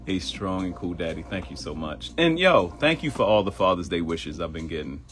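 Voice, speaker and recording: A middle-aged man from Baltimore hosting a live stream, animated and chatty, greeting viewers by name and joking. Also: sits low, normal speed, soft background music. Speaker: live show host. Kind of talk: live-stream casual chat.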